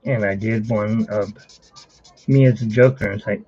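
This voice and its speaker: A man with a gravelly, husky voice chatting casually as he draws on a live stream, rambling and cutting himself off mid-thought. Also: fairly low pitch, steady tone, moderate pace, mellow, lo-fi sound. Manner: rambling, self-interrupting. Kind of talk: casual chat while drawing.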